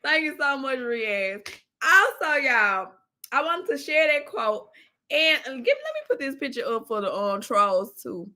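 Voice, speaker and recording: A woman's voice: high-pitched, big pitch swings, a little slow, pushed and bright. A woman hosting a casual livestream, talking straight to her viewers, laughing often and playful. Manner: uses y'all and baby, talks to viewers directly. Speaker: livestream host.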